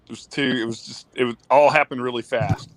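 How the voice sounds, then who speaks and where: A man's voice: medium pitch, fairly quick, low-quality recording. A man in his thirties, a former ballplayer, telling a casual story with lots of swearing, acting out the lines of the people in it. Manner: animated, swearing, acts out quotes. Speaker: guest, former pitcher.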